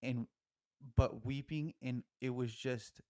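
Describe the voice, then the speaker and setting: A man's voice: mid-range voice, fairly even intonation, takes it slowly, mellow. A young man telling a long story on a podcast in a casual, slangy, rambling way, often laughing as he goes.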